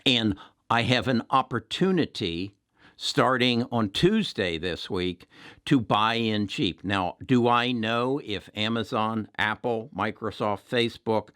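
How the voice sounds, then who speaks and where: A man with a somewhat low voice hosts an investing talk in a casual, emphatic way. He repeats his points and often restarts his phrases. The recording is dry and close, with no room sound. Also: fairly bright tone, clear, resonant tone, dry recording. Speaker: investing channel host.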